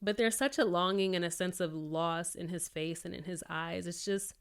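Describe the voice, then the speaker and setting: Woman, TV review vlogger, expressive and emotional, smooth clear voice. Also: on the low side, moderate pace. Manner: expressive, emotional, playful asides. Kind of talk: casual review chat.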